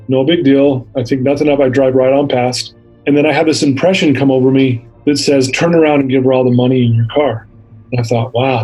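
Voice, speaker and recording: A man's voice: medium pitch, darkish tone, breathy edge, poor audio. A middle-aged man telling his story in a podcast interview, earnest and candid, acting out the dialogue. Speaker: interview guest.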